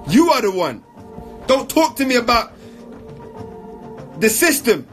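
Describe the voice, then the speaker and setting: A man's voice: very high voice, sing-song, a little slow, faint music behind. A man giving an emphatic, repetitive motivational talk in slang while answering audience questions.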